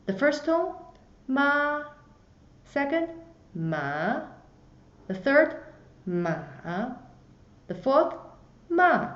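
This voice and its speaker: A woman teaching a beginner lesson, slowly demonstrating each tone with exaggerated pitch. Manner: slow, careful, exaggerated tone demonstrations. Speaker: Chinese language teacher. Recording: roomy, slightly dull recording.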